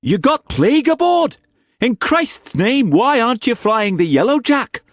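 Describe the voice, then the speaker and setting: A man's voice: extremely high pitch, very animated, measured pace, dry recording, pitched above the performer's own voice, heavily acted. Frantic middle-aged merchant uncle voiced by a male narrator, raised, urgent, audiobook, dry close sound. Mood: alarmed. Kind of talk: audiobook character voice.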